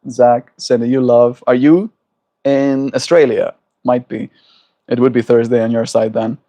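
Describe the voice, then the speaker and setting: A man hosting a daily livestream, chatting casually and warmly greeting viewers by name in a laid-back, upbeat way. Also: mid-range voice, little pitch movement, measured pace. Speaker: livestream host.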